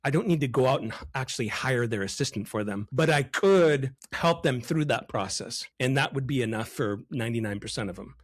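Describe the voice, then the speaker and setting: A man hosting a podcast on his own, giving business advice and shifting his voice higher and lower for emphasis. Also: brisk, hardly any pauses. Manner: animated, varies pitch and loudness for emphasis. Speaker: podcast host, loan officer. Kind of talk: solo podcast advice talk.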